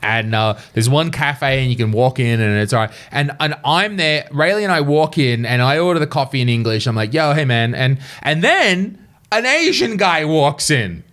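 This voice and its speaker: A man hosting a casual studio podcast, telling stories in an animated, swearing-laced way. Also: on the high side, moderate pace. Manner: animated storytelling, swearing freely. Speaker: podcast host.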